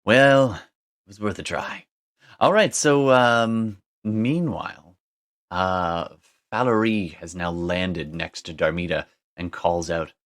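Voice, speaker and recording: A man's voice: low voice, slow, a bit bright. A man narrating a tabletop game as game master, describing scenes at length with frequent fillers and restarts.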